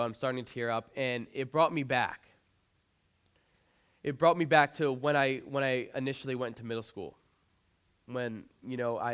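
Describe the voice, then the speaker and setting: On a conference stage, a young man gives an earnest, inspirational keynote, recounting a personal story through a stage mic. His mid-range voice is clear and resonant. As a motivational speaker, he keeps restarting and repeating his phrases.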